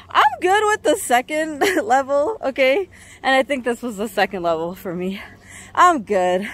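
A woman vlogging outdoors on a mountain trail into a handheld camera, tired and out of breath, often exclaiming in a nervous, breathy way. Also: on the high side, slight background noise. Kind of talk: casual vlog narration while hiking.

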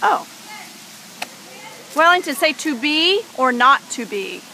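A woman's voice: high voice, sing-song, moderate pace, sharp tone, slight background noise, poor audio. A mother filming her small son in an outdoor garden, coaxing and teasing him in a playful way. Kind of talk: casual home video chat. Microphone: handheld camera mic.

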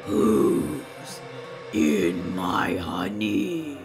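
A woman voicing an evil giant bear villain in a slow, menacing, gravelly whisper. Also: extremely low pitch, sing-song, pitched below the performer's own voice, exaggerated voice. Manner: slow, menacing, gloating laugh. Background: game music.

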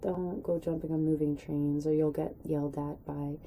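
A young woman chats through a storytime vlog, rambling and full of fillers. Her voice is very mellow and dark, sitting a bit low, with faint noise behind it. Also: level tone, moderate pace, vocal fry, poor audio. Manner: chatty, rambling, acts out quotes in a high voice. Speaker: vlogger.

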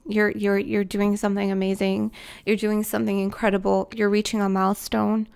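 Woman, tarot reader, gravelly voice, tearful, repetitive, casual swearing. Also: mid-range voice, monotone, fairly quick, a little mellow. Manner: emotional, repeats phrases, swears casually. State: tearful, emotional. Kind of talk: spiritual tarot reading to camera.

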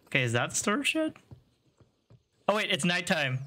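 A man streams a video game live in a high-pitched, sharp-toned voice with huge pitch swings, speaking at a normal pace. He chats casually as he plays, joking, swearing, laughing often and teasing his chat.

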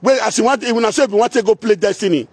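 A man with a Nigerian Pidgin Edo accent launches into a confrontational, heated rant, slipping into singsong chanting and repetition. His voice is high-pitched and breathy at the edges, he talks very fast, and the recording is dry.

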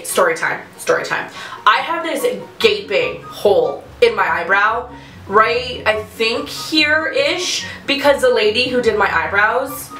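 A woman's voice: mid-range voice, a bit bright, reverberant, low-quality recording. A young woman doing a casual makeup tutorial at home, chatting nervously and giggling, poking fun at herself. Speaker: beauty vlogger.

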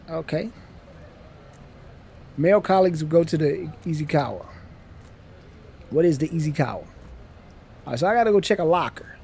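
Husky-voiced man joking through a game. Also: a little high, animated, moderate pace, long pauses, darkish tone. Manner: slangy, joking, talks to viewers while reading game text aloud. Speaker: gaming channel host. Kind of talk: casual let's-play commentary.

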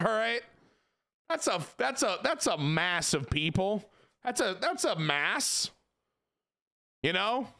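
Man, game streamer, casual chat, profane, joking, rambling, bright tone. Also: high-pitched, big pitch swings, slow pace, long pauses.

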